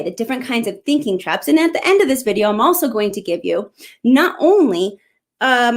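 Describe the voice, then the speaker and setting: A middle-aged woman hosting a live parenting question-and-answer talk, speaking earnestly and encouragingly straight to parents. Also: a little high. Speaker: parenting coach and show host.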